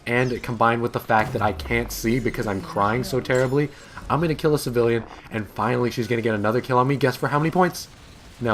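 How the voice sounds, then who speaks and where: A man's voice: fairly low pitch, a bit bright, a little hiss or hum. A young man giving amused, sarcastic voice-over commentary on his own video game match, recorded in a home office. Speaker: gaming commentator.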